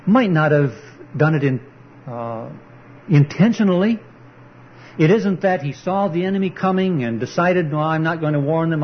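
A man's voice: sits high, slight background noise. A man preaching an earnest, emphatic sermon, quoting scripture as he goes. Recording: dull lo-fi recording.

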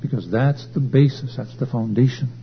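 A man preaching a sermon at a church service, swelling louder and higher as he drives his points home. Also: moderate pace, vocal fry. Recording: dull lo-fi recording with faint hum.

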